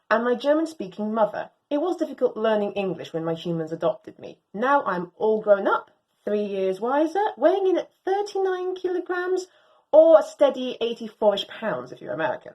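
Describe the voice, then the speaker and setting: A woman reads a storybook in character as an excitable, proud young female Doberman, theatrically using grand, old-fashioned phrasing. Her voice is a little high and moderately paced, and the recording is muffled.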